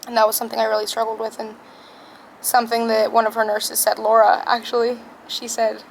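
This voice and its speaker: Soft, halting young woman with a gravelly edge. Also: on the high side, completely flat delivery, slight background noise, rough recording. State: tearful. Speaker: vlogger. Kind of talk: personal storytelling. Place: alone in a quiet room.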